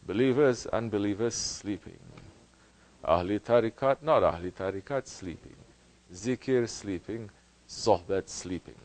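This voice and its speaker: A man giving a Sufi sermon as teacher, impassioned, swinging between loud outbursts and hushed lines, full of rhetorical questions and repetition. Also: sits low, poor audio.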